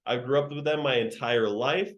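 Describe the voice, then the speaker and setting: A man's voice: mid-range voice, normal speed, a bit bright, muffled recording. A young man leading a virtual sales training session over a video call, talking in slang and joking with the trainees.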